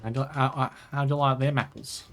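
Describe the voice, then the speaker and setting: A man talks through a video game session with a voice of ordinary middle pitch. He curses freely and mutters in exasperation at the game, then drops into chatty asides to his viewers. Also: steady tone, fairly quick, a bit bright, slight background noise. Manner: swears a lot while playing, exasperated muttering. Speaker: gaming channel host. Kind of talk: let's play commentary.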